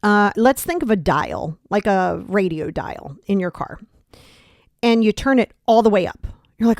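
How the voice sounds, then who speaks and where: Woman, self-help podcast host, blunt, emphatic, casual swearing, medium pitch, dry sound. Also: animated, moderate pace, no echo. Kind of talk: motivational self-help talk.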